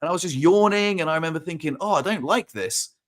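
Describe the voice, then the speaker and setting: Aussie guy chatting on a podcast, bit high voice, rambles and restarts a lot. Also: expressive, quick pace. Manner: rambling, many restarts, acts out quotes. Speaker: podcast host. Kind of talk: casual chat.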